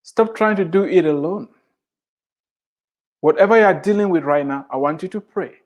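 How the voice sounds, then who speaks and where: A man's voice: sits high, lo-fi sound. A middle-aged man giving a devotional sermon, speaking emphatically and repeating scripture lines for emphasis. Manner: slow, emphatic preaching with drawn-out phrases. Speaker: Christian author and speaker.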